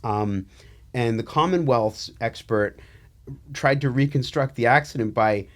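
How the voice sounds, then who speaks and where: A man's voice: mid-range voice, measured pace. A man co-hosting a casual legal podcast as a trial attorney, sardonic and joking, with many fillers and restarts.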